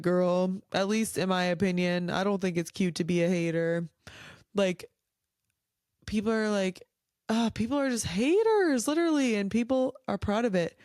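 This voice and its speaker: Her lowish, darkish voice comes across smooth in an echo-free studio recording. She's a podcast host doing a casual solo rant at home late at night, tired and blunt, swearing without restraint and leaning heavily on filler likes.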